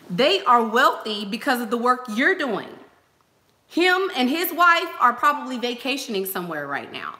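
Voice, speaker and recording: A woman's voice: medium pitch, sharp tone, reverberant. A woman hosting a casual livestream, giving advice in a chatty way, repeating phrases and using lots of fillers. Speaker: host.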